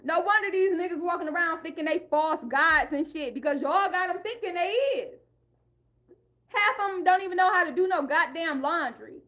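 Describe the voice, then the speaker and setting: A woman's voice: extremely high pitch, normal speed, a bit bright. A young woman vlogger in a heated, profane rant, repeating herself and speaking in an African American English style. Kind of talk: ranting monologue.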